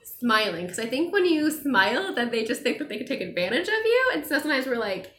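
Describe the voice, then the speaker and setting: Chatty young woman in an echoey room. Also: fairly high pitch. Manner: chatty, animated, quick laughs. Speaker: travel vlogger answering viewer questions. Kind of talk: casual chat.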